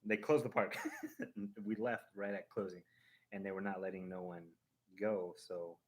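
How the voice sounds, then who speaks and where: Male stream host, lowish voice, casual rambling storyteller who acts things out. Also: a little slow. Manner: animated, acting out a ride with sound effects; rambling, with restarts and fillers.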